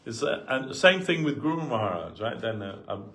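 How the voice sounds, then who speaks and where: A man giving a relaxed sermon through personal anecdotes, talking in an easygoing way with frequent asides. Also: mid-range voice, brisk. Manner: conversational, full of asides, acts out quoted voices. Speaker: devotee giving a talk. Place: temple hall.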